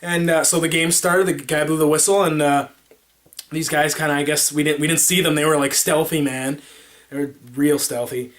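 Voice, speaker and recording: Man rambling through an animated story. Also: fairly high pitch, normal speed. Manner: animated, rambling, with sound effects. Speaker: vlogger. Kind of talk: casual storytelling to camera.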